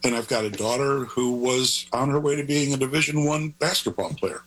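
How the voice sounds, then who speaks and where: A man's voice: medium pitch, fairly quick, fairly bright tone, a little hiss or hum, rough recording. An older man, a grandfather, talking as an author guest in an interview, rambling and earnest in a digressive way. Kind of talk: conversational interview.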